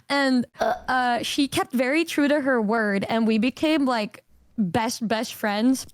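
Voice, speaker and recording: A woman's voice: takes it slowly, no echo, clean studio sound. Chatty young woman telling a story. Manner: animated, acts out quotes in a higher voice, swears casually. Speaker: streamer. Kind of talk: casual storytelling on a stream.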